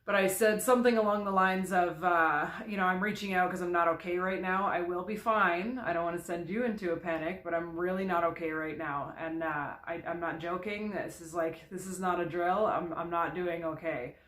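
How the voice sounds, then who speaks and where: A vlogger telling a personal story candidly, in a halting way with frequent restarts. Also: medium pitch, fairly even intonation, fairly bright tone. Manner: halting, with many restarts and "you know". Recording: echoey room.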